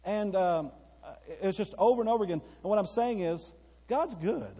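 A man preaching a sermon, spinning a story for his congregation and breaking into excited outbursts. His voice sits fairly high but sounds dark and a touch husky. The sound rings with the long reverb of a church hall. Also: normal speed. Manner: storytelling, rising to excited bursts. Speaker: pastor. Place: church sanctuary.

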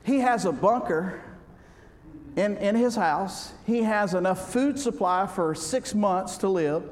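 A man preaching a humorous sermon, folksy and joking, swinging between loud and soft. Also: sits high, slow. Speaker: pastor. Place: church sanctuary. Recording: reverberant hall with faint background noise.

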